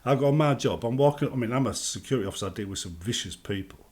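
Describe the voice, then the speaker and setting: A man's voice: mid-range voice, animated, rapid-fire, darkish tone. A British man giving casual advice on a gaming vlog, chatty and acting out everyday greetings. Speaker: gaming vlogger.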